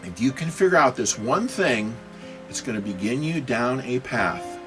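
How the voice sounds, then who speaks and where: A man talks off the cuff in his own video, rambling and steering everything through rhetorical questions. He stumbles over words and keeps correcting himself mid-sentence, with soft guitar music drifting underneath. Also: mid-range voice, lively intonation, moderate pace. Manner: many fillers and self-corrections. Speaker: video host. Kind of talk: unscripted political and religious monologue.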